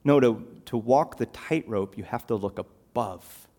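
A man preaching a sermon, animated and emphatic, throwing out rhetorical questions. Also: medium pitch, a little slow.

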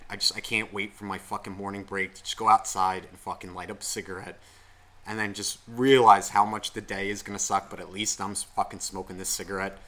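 A man co-hosting a podcast, telling rambling stories in casual chat and swearing constantly. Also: fairly low pitch. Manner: animated, heavy swearing, rambling storytelling. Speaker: podcast co-host.

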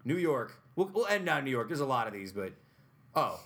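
A man's voice: medium pitch, sing-song, brisk, a bit bright. A young man hosting a casual podcast chat, quizzing his guests and laughing often. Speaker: podcast host.

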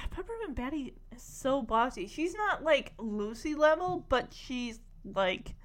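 A woman's voice: high-pitched, animated, a little slow. A woman casually retelling a cartoon story in a chatty, opinionated way, full of asides. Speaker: cartoon recapper.

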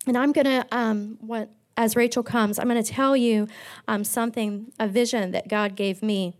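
A woman's voice: a little high, fairly even intonation, moderate pace. A woman pastor giving an earnest sermon, telling personal stories with frequent restarts.

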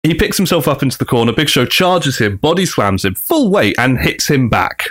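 A man's voice: mid-range voice, moderate pace. A man co-hosting a podcast, telling a story casually and acting out the quotes. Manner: animated, acts out quotes in big voices. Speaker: podcast co-host.

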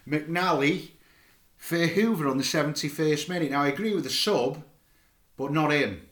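A man's voice: a little high, moderate pace, fairly bright tone. Man, blunt, exasperated, football fan chat, roomy echo. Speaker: podcast co-host.

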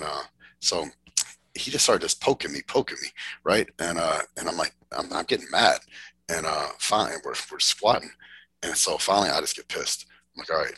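A man's voice: low-pitched, pushed and bright, husky, no echo, poor audio. A man telling a gym story in a laid-back drawl, swearing freely and laughing as he goes. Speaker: podcast guest, bodybuilder. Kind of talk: casual storytelling.

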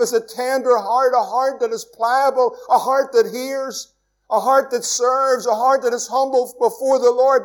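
Man, Northern Irish accent, pastor, high voice, earnest sermon, loud peaks and hushed drops. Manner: earnest preaching, swings from loud emphasis to hushed tones. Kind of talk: evening sermon.

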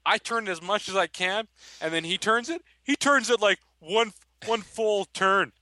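A man's voice: high voice, normal speed, bright, forceful tone, no room sound. A man co-hosting a podcast, chatting casually and asking wry, teasing questions. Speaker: podcast co-host. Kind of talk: casual chat.

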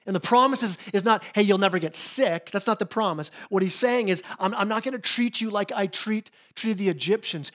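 High-voiced pastor preaching with urgency. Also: male voice, brisk, few pauses, fairly bright tone. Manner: earnest, repeats words when pressing a point. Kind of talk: sermon.

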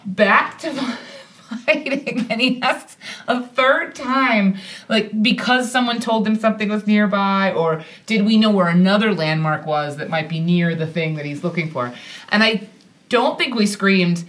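An American woman casually telling a personal story on a podcast, animated and self-deprecating, laughing often as she talks. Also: medium pitch, a little slow. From United States.

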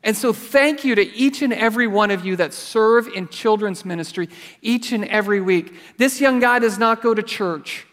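A man preaching a sermon, telling stories in a lively way and calling out to the congregation. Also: sits high, normal speed. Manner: lively storytelling, calls out to the congregation. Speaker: pastor. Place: church sanctuary. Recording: church hall with long reverb.

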